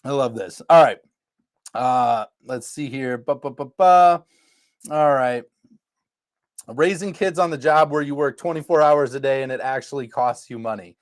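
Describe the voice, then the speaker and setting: A man from Iowa co-hosting a casual drinking podcast, telling a lively story and acting out the people in it. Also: medium pitch, unhurried, no room sound. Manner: animated storyteller acting out quotes. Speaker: podcast co-host.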